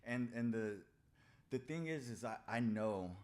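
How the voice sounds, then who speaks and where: A man speaking as a podcast guest, telling his own story in a candid, halting, confessional way and swearing freely. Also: medium pitch, darkish tone.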